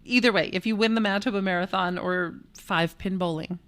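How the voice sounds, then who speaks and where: A woman's voice: mid-range voice, fairly quick, a bit bright. A woman co-hosting a podcast in casual chat, playful and jokey, laughing often. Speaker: podcast co-host.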